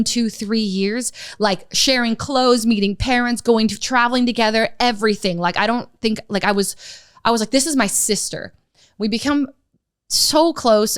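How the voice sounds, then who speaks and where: A woman's voice: on the high side, clear, resonant tone, no room sound, clean studio sound. Chatty young woman telling a story. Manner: storytelling, animated, many fillers. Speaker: podcast guest. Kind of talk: casual chat.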